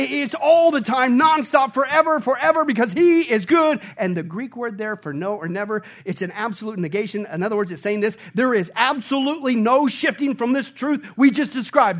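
Emphatic high-voiced preacher man. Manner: emphatic, repeats phrases, rises to shouting and drops to hushed tones; asks the congregation rhetorical questions. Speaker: pastor. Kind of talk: sermon.

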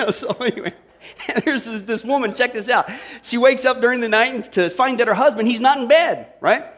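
Male pastor, high voice, chatty joking sermon delivery to a live church crowd. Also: slightly rough. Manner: folksy, joking, keeps checking in with "okay?". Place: church service before a congregation.

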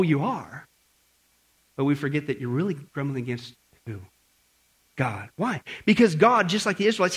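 A man's voice: sits high, a bit bright. A man preaching a conversational sermon to a congregation, full of rhetorical questions. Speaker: pastor. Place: church service before a congregation.

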